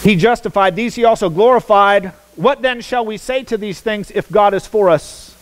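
A man's voice: high-pitched, moderate pace, low-quality recording. A man preaching a sermon as pastor, emphatic, repeating words for stress and asking the congregation questions. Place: church sanctuary.

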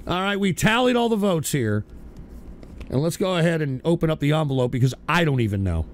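Shouty, gravelly man hosting an awards show. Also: on the high side, fairly quick. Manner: profane, shouty, animated. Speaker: online show host. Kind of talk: awards segment rant.

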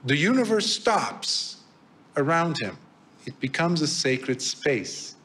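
A man's voice: fairly high pitch, very animated, takes it slowly, fairly bright tone. Man monk telling a dharma story. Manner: storytelling, hesitant with fillers. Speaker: Buddhist monk teacher. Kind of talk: dharma talk. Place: temple prayer hall.

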